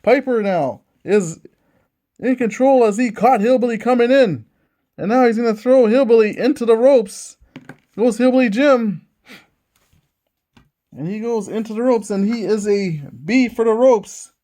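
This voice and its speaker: A man hosting a tabletop wrestling game and calling it like a ring announcer. He narrates every move as it happens, with plenty of excitement. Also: very high-pitched, unhurried. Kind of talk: wrestling play-by-play commentary.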